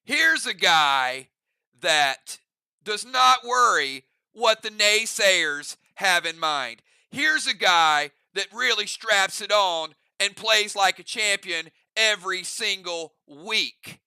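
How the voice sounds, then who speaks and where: A man putting on the voice of a grandiose male sports-film narrator, speaking slowly and dramatically. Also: sits high, lively intonation, vocal fry, smooth, dry recording, heavily acted. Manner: slow, hushed, dramatic delivery.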